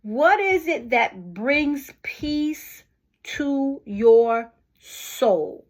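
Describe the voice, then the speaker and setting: Slow-talking woman giving a gentle pep talk. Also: high voice, lively intonation. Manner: unhurried, conversational, asks the listener questions. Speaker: vlogger. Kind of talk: casual motivational talk to camera.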